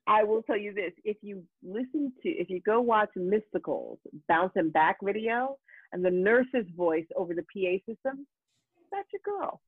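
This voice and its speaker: Animated woman storyteller on a tinny line. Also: mid-range voice, normal speed, husky, dry recording. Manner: animated storyteller, acts out quoted voices. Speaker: voice actor guest. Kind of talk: casual podcast chat. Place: home in Los Angeles. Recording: tinny phone-like line, dry.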